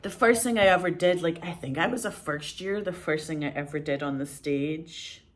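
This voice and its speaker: A woman's voice: low voice, normal speed. Chatty woman telling theatre stories. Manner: chatty, filler-heavy, loose run-on telling. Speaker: podcast host. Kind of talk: casual storytelling.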